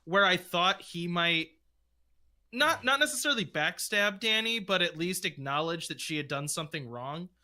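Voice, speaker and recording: A man co-hosting a casual review chat, reasoning out loud in a rambling way. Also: high-pitched, lively intonation, moderate pace. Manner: rambling, lots of "like" fillers. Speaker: podcast co-host.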